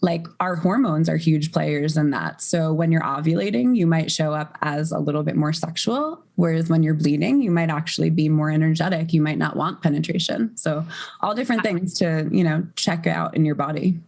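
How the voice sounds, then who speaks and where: Woman coach, low voice, loose conversational podcast guest. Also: moderate pace, vocal fry. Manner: relaxed, flowing, filler-heavy explanations. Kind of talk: casual podcast interview.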